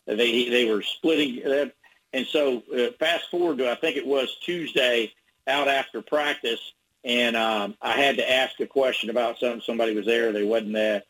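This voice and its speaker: Husky male sports reporter on radio, meandering anecdotes. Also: mid-range voice, steady tone, normal speed, a bit bright, rough recording. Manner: rambling storyteller with restarts. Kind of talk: radio interview guest.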